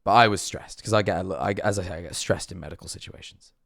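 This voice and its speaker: A man telling a self-mocking story to his stream, animated and swearing freely. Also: low-pitched, fast talker, creaky, no room sound, studio quality. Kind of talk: casual storytelling to a live stream chat.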